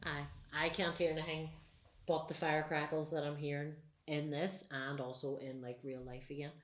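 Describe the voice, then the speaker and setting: A woman on a ghost hunt, talking in a hushed, nervous way in an old castle room at night. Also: low voice, little pitch movement, normal speed, slight background noise. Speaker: paranormal investigator. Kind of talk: casual ghost-hunt chat.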